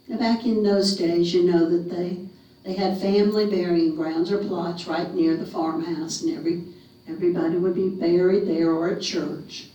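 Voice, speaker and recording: A woman from North Carolina telling a ghost story dramatically, slowing and dropping to a whisper for suspense, in a living room of a retirement community. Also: fairly low pitch, fairly even intonation, mellow. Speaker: folk storyteller. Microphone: room camera mic at a distance. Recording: echoey room, mic far off.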